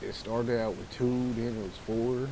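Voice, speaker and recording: A man's voice: medium pitch, steady tone, unhurried, background noise. A man co-hosting a casual sports podcast, teasing dryly and stammering as he starts his points. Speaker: podcast co-host.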